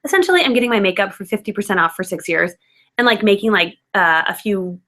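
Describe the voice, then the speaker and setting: Bright-voiced chatty woman in her thirties. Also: medium pitch, fast. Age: 30s. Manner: chatty, filler-heavy, self-mocking. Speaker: guest speaker. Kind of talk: casual storytelling.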